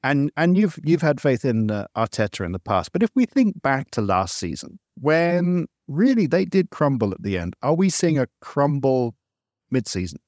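Lively teasing male football show host. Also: medium pitch, normal speed, no room sound, studio quality. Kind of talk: casual studio chat.

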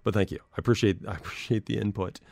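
A man's voice: fairly low pitch, fairly even intonation, quick pace, vocal fry, a little mellow, no echo. Rambling self-deprecating male podcast host. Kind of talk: casual podcast chat.

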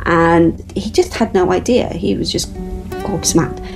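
A woman's voice: fairly low pitch, a little slow, vocal fry, music in the background, poor audio. A woman guest earnestly telling a personal story in a conversation.

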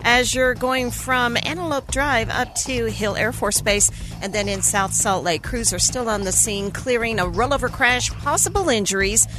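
A woman reading a radio traffic report in a brisk, matter-of-fact way. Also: a little high.

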